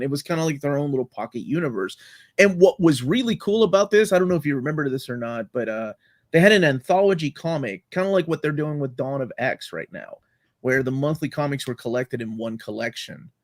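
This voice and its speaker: Speaking fairly quickly in a medium-pitched voice with no room sound, this Latin American podcast host chats about comics on a casual video call. He's enthusiastic and rambles, leaning on lots of fillers.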